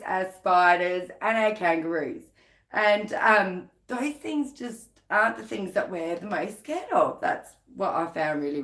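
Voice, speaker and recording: A woman's voice: mid-range voice, a bit bright. A woman with an Australian accent hosting a casual live stream, chatting freely, laughing often and greeting viewers by name.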